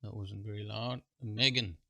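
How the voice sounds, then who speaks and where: A man presenting a screen-share software walkthrough, talking in a halting way with fillers and informal asides. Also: on the low side, steady tone, creaky, dry recording. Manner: halting, full of fillers and restarts.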